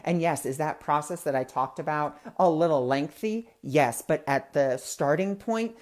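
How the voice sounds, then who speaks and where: A man's voice: a little high, moderate pace. A man hosts a spiritual teaching talk, recorded on a webcam or phone for a livestream. He tells personal stories in an earnest, casual way, full of fillers and restarts. He slips into other voices when he quotes people. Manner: loose filler-heavy phrasing. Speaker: host of a spiritual discussion show. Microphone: webcam or phone mic, livestream.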